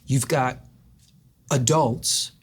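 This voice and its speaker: A man's voice: mid-range voice, drawn-out words, husky. An older man hosting an interview, asking long reflective questions that he builds up with stories of his own. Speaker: host. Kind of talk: interview conversation.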